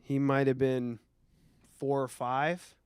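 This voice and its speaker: Animated man telling stories, laughing. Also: medium pitch, takes it slowly, clean tone, dry recording, studio quality. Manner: animated storyteller, swears, laughs often. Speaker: podcast host. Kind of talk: casual chat.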